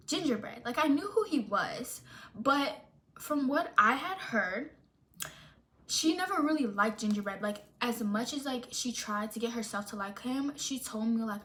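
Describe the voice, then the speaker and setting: A young woman, telling a storytime vlog casually and animatedly, full of fillers and quoted dialogue. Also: on the high side. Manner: chatty, animated, full of "like" fillers and self-interruptions; quotes friends in acted-out dialogue. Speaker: storytime vlogger.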